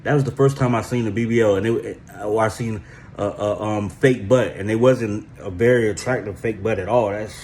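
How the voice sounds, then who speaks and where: A man chatting casually and joking in a relaxed way. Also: lowish voice, normal speed, a little hiss or hum. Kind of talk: casual chat.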